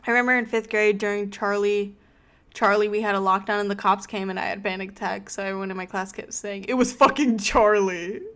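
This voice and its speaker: A woman's voice: medium pitch, a little fast. A young woman chatting casually on a livestream, telling stories with lots of swearing and filler words. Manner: swears often, animated storytelling with many "like" fillers. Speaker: influencer livestream host.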